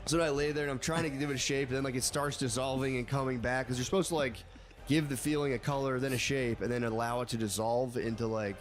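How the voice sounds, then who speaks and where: A man's voice: medium pitch, steady tone, quick pace. A young man telling a long story in casual chat with friends, rambling, swearing, often laughing and restarting his sentences.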